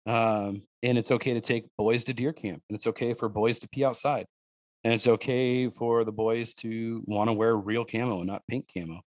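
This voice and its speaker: This wild game cook and hunter, appearing as a guest in a relaxed podcast conversation, spins lively stories with fillers and false starts. He voices his daughters' lines at a higher pitch. His pace is moderate, with no room sound.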